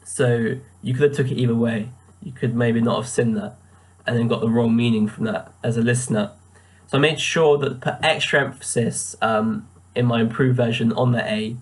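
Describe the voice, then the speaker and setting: A young man talks through a self-review of his pronunciation, stopping often with ums and uhs. His voice sits at an ordinary middle pitch. It has the plain sound of a built-in webcam mic indoors. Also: fairly even intonation, normal speed. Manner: hesitant, many ums and uhs. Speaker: language student.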